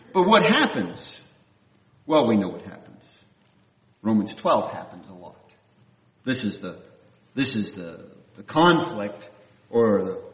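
A man from Canada preaching a conversational sermon, full of restarts and questions to his listeners. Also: fairly high pitch. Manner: animated, with frequent restarts and questions to the audience. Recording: echoey room from a distance, dull sound.

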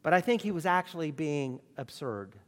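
A man's voice: a little high, animated, normal speed. A man preaching a sermon with emphatic rhetorical questions. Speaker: pastor. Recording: long reverb of a large hall.

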